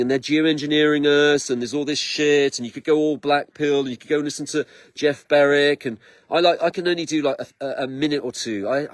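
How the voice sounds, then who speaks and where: Excitable rambling man, dry close sound. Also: a little high, no echo. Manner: excitable, repeats himself, stumbles over words. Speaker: vlogger. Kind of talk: rambling personal vlog monologue. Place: outdoors in his garden.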